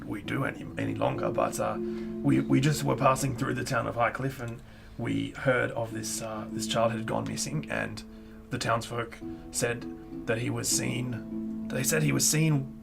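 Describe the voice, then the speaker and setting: A man's voice: medium pitch, normal speed, gravelly. A man playing a character in a tabletop game, speaking hesitantly with many fillers. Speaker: player. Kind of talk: in-character tabletop role-play. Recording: loud music playing behind.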